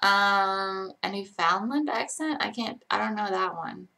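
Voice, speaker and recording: A woman's voice: medium pitch, measured pace, vocal fry, bright, forceful tone. A tired young woman chatting casually on a live stream, rambling and self-deprecating as she reads chat aloud.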